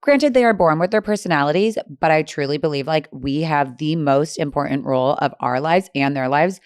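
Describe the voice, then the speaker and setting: Low clear-voiced young mom chatting. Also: female voice, brisk, darkish tone, no echo, clean studio sound. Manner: candid, lots of filler "like". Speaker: podcast co-host. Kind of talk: casual chat.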